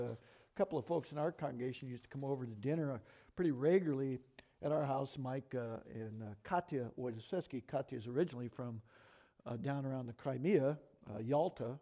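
A middle-aged man teaching from scripture to a congregation in a lively, conversational way, asking the room questions as he goes. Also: mid-range voice. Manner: lively, conversational, talks fast and asks the audience questions. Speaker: bible teacher.

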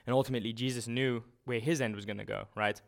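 Preaching at a quick pace, a man with a mid-range voice and vocal fry keeps his sermon relaxed and conversational, restarting frequently and using fillers.

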